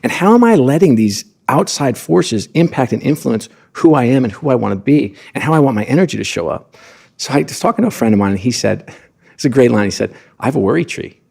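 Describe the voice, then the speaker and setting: A man's voice: medium pitch, animated, a little fast, creaky, darkish tone, husky. A middle-aged man, a sports executive appearing as a podcast guest, telling personal stories earnestly and with frequent restarts. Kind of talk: conversational storytelling.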